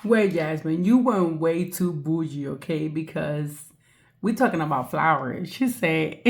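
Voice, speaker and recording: A woman hosting a reaction video, talking softly on a sore voice and mocking what she watches with laughs. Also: sits low, animated, takes it slowly, gravelly. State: sore, strained voice. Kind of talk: reaction commentary.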